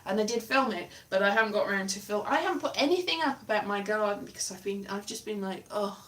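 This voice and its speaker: A woman's voice: medium pitch, fast talker. Chatty woman in an echoey room. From Wales. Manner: rambling, chatty, animated storytelling. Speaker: livestream host. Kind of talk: casual livestream chat. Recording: echoey room, distant from mic.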